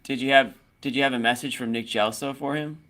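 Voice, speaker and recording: A man's voice: medium pitch, fairly even intonation, a little fast, fairly bright tone. A man on a basketball postgame panel, talking casually, hedging with "I mean" and slipping in dry jokes. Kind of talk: casual sports chat.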